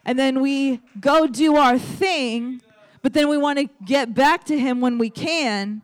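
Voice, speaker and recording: A woman's voice: sits high, unhurried. A young adult woman preaching a sermon in a conversational, storytelling way, speaking directly to her audience.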